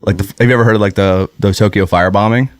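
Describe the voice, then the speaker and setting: A man co-hosting a podcast, chatting loosely and circling his point with many fillers and restarts. His voice sits low, and the recording is close and dry. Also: steady tone, very fast, dry recording. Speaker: podcast co-host. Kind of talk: casual chat.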